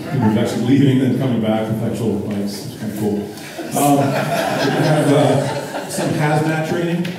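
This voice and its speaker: A man doing a stand-up comedy set on stage, talking in a deadpan, rambling way with lots of fillers. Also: mid-range voice. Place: theater stage. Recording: echoey theater, distant mic, crowd laughter. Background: audience laughter.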